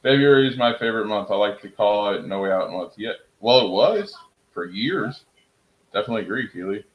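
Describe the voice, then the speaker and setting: Excitable rambling man in a roomy room. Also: on the low side, fairly quick, muffled recording. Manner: excitable, rambling, laughs at himself. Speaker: streamer. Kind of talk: casual live-stream chat.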